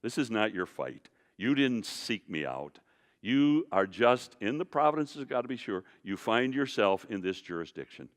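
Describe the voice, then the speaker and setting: Male lecturer doing Jesus, low and solemn, steady and earnest, with a long hall reverb. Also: normal speed. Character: calm, battered Jesus speaking to a governor, male.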